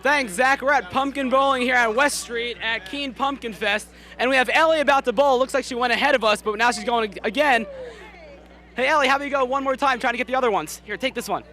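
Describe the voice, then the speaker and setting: A man's voice: extremely high pitch, quick pace, bright, forceful tone. A man reporting from an outdoor street festival, casual and encouraging. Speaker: field reporter. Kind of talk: on-location reporting.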